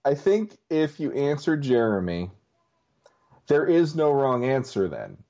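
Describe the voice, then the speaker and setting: A man's voice: medium pitch, huge pitch swings, a little slow, dark tone, muffled recording. A man co-hosting a casual podcast, rambling through his answers and laughing often. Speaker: podcast co-host. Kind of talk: casual chat.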